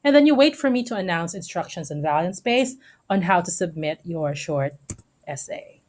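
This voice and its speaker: A woman's voice: on the low side, lively intonation, moderate pace, a little mellow. Woman teacher explaining a lesson. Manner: explanatory, checks in with frequent "okay?". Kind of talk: recorded online lesson.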